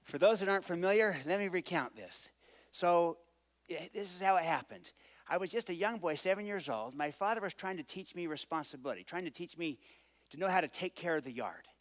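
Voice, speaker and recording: A man on stage telling a personal story to an audience. His voice sits a little high for a man. He acts out the dialogue with energy. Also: a little fast. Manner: animated storyteller acting out dialogue. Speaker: speaker. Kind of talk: storytelling speech.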